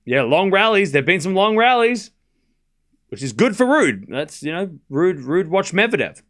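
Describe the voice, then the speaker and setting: A man with an Australian accent commentating tennis on a live stream, chatting with viewers between points. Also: high-pitched. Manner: animated, chatty, quick play-by-play bursts.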